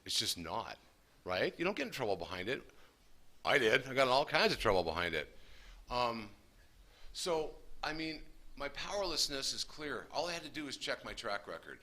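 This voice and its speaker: A man's voice: medium pitch, very animated, normal speed, sharp tone. A man speaking earnestly to a recovery meeting, sharing his story in an emphatic, folksy way. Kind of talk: personal recovery talk to a group.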